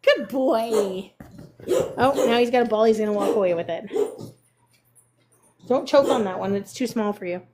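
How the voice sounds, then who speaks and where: A woman hosting a casual live stream, chatting with viewers and cooing at her dogs in a high baby voice. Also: moderate pace, pauses often, noisy background. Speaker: livestream host.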